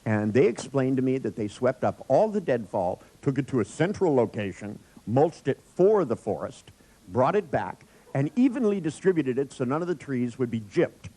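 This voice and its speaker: A man's voice: mid-range voice, very animated, moderate pace, dark tone, poor audio. A man giving a live workshop lecture to an audience, telling wry, joking anecdotes. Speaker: workshop trainer.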